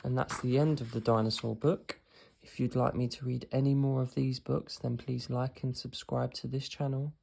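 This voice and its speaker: A man reading a children's picture book aloud as narrator, speaking gently. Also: mid-range voice, flat delivery, normal speed, creaky. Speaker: storybook reader. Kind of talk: children's story read-aloud.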